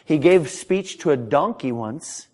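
A middle-aged man preaches in a church sanctuary, in a voice pitched a little above the usual for a man. He talks with fervor, stumbling over quick restarts, and his pitch climbs as he builds to a point. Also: animated, darkish tone. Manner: impassioned preaching with frequent stammered restarts, pitch climbing when stirred. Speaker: pastor. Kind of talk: sermon.

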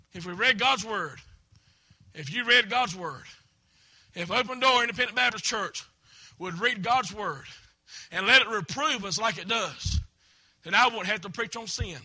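Shouting high-pitched preacher man. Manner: preaching with emphatic repetition and sudden shouts. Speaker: pastor. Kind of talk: shouted Baptist sermon. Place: church sanctuary.

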